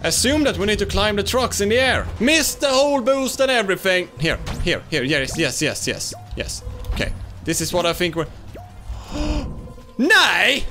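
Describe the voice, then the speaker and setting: A young man giving excitable let's-play commentary, laughing and shouting at wins and fails. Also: high-pitched, moderate pace, soft background music. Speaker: gaming YouTuber.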